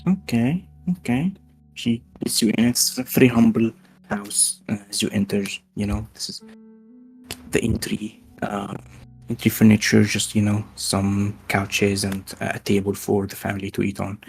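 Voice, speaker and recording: A man narrating as game master of a tabletop game, halting and full of fillers. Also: lowish voice, completely flat delivery, gravelly, soft background music. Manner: slow, halting, with many fillers.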